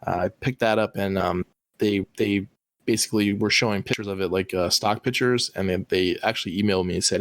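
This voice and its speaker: Laid-back low-voiced podcast guy. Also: fairly even intonation, fairly quick, dry recording. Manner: rambling, laid-back, lots of fillers. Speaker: podcast co-host. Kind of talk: casual chat. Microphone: online call recording.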